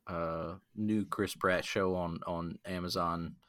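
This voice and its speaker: A man's voice: low-pitched, fairly even intonation, slow pace, fairly bright tone, dry recording, studio quality. A man hosting a casual comedy podcast with friends, rambling with lots of fillers. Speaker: podcast host.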